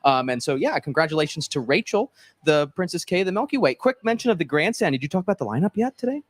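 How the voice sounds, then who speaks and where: A man's voice: a little high, quick pace, no room sound. A man co-hosting a casual live radio chat at a state fair, playful and full of jokes. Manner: playful, jokey, animated storyteller. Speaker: radio show co-host. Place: outdoors at a state fair stage.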